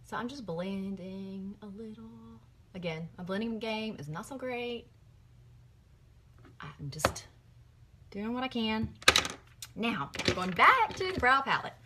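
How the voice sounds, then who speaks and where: A woman's voice: a little high, animated, takes it slowly, long pauses, background noise. A middle-aged woman, chatting through a makeup tutorial in a gushing, rambling way. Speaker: makeup vlogger.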